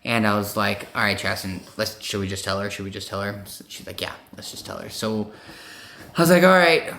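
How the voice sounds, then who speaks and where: A man's voice: on the low side, a little fast, creaky, a bit bright, a little hiss or hum. A young man casually telling the story with his partner, plainly adding details and times. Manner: matter-of-fact, adds details and times.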